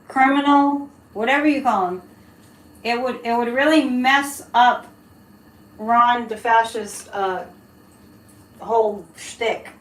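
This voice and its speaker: Woman, psychic live-streamer, chatty and rambling, fairly high voice, echoey room. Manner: chatty, laughing, rambling asides to chat. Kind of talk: live-stream tarot reading and chat. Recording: echoey room, faint background hiss.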